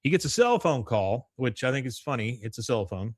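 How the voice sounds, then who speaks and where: A man's voice: mid-range voice, very animated, brisk, a little mellow, dry recording, studio quality. A man hosting a podcast, casually recapping an episode in a rambling way and acting out lines as he goes. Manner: rambling storyteller, acts out the lines. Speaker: podcast host.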